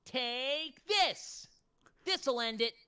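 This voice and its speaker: A man putting on the voice of an earnest teenage hedgehog hero from a game, slightly nasal and shouting battle lines. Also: very high-pitched, expressive, very slow, clean tone, voice pushed up, heavily acted. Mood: battle-ready. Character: heroic teen male hedgehog from a game, earnest battle cries.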